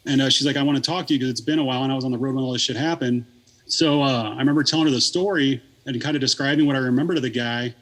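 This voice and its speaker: A man's voice: medium pitch, steady tone, rapid-fire. A man in his thirties, a podcast guest, telling a long story in casual, rambling talk full of swearing and fillers.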